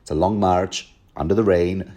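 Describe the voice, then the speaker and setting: A man's voice: sits low, normal speed, mellow. A man rambling through a casual book commentary, often interrupting himself and laughing. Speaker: podcast host.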